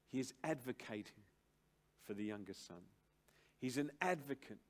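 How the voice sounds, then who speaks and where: An older man preaching a sermon to a church congregation, slow and emphatic, with dramatic pauses and big swings between loud and soft. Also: medium pitch, expressive. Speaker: pastor. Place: church service.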